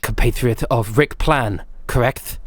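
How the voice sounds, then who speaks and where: A man voicing a crude, weary male military commander who drawls slowly. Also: mid-range voice, no echo, clean studio sound, natural voice.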